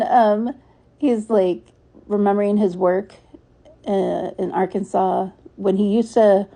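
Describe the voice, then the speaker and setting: A woman's voice: medium pitch, gravelly, mellow, slightly rough. A woman vlogging in a rambling, candid, frazzled way, swearing freely as she talks. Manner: weary, frazzled. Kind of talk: casual vlog monologue.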